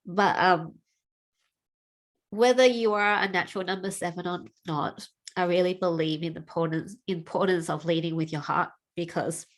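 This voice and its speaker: Slow, low-voiced woman sharing heartfelt reflections. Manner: emotional, tearful at times, with sighs and laughs. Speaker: speaker sharing personal reflections. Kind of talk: heartfelt personal talk.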